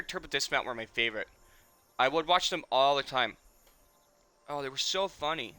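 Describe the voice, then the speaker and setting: A man's voice: medium pitch, sharp tone, clean tone. A man in his twenties, a streamer, chatting casually and emotionally in a rambling way and swearing often. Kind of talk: casual nostalgic chat.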